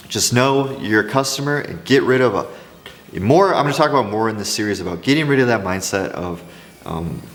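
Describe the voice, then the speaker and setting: A man's voice: lowish voice, big-room sound. A man sharing business advice in a casual, rambling talk to camera, telling stories with frequent restarts. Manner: rambling, restarts often, animated storytelling. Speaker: craft business coach.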